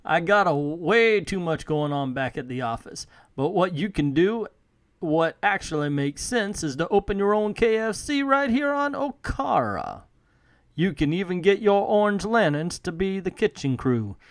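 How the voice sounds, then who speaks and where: A man's voice: high-pitched, expressive, moderate pace, dry recording, studio quality, voice pushed up. A man voicing a folksy old Southern chicken colonel with a put-on Southern US accent, in a salesman's manner.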